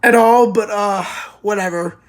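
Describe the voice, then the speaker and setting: A young woman reviewing an anime in a casual, excitable rant, swearing and stammering through restarts. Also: mid-range voice, measured pace.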